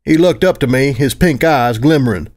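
A man narrates a first-person fan fiction audiobook. His delivery is dry and wry, at a medium pitch for a man. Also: moderate pace, darkish tone.

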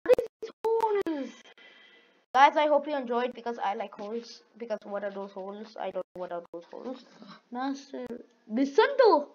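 A young woman with a high voice gives casual gameplay commentary full of playful trash talk and laughter. The audio is a bit muffled and lo-fi, with a faint hiss underneath. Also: lively intonation, normal speed, darkish tone. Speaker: gaming video creator.

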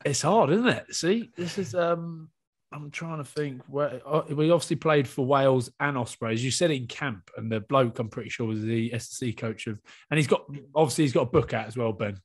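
A man with a mid-pitched voice co-hosts a podcast in loose, casual banter. He jokes and teases the others and throws in the odd swear word. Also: moderate pace, slightly rough. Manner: joking, teasing, with swearing. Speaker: podcast co-host.

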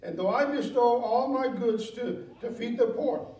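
Pastor, male, high voice, conversational sermon with chuckles, church mic from afar. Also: measured pace, darkish tone. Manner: conversational preaching, reads scripture aloud, asks the congregation questions; chuckles often, many fillers and self-corrections. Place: church sanctuary. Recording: echoey room, voice from a distance.

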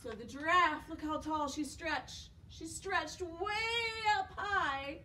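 A woman's voice: high voice, takes it slowly, distant mic, a little hiss or hum. A young woman leading preschool storytime, singing action songs and reading a picture book aloud with gasps and questions for the children. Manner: animated, sing-song, with gasps and questions to children. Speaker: children's librarian.

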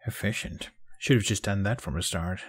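A man voicing a shaken young male viking rider who mutters in a hushed, rattled way. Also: on the low side, moderate pace, breathy edge. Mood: dry.

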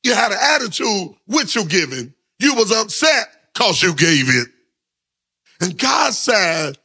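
A man's voice: high-pitched, sing-song, normal speed, sharp tone, husky. A man preaching a sermon, with call-and-response lines he has the congregation repeat. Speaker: pastor.

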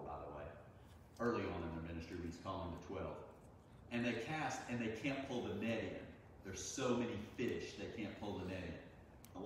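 A man's voice: mid-range voice, a little hiss or hum. A man preaching a sermon as a pastor in a conversational, storytelling way, acting out the voices of people in the stories. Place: church sanctuary. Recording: echoey room from far off, faint ambience.

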